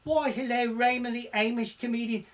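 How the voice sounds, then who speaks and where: A man's voice: extremely high pitch, steady tone, moderate pace, pitched above the performer's own voice. A man putting on a sultry woman caller. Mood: flirtatious.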